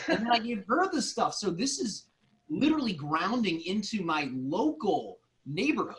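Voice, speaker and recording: A man co-hosting a casual online chat, telling stories in an animated way and laughing often. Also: high-pitched, normal speed, a little hiss or hum, rough recording. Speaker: co-host.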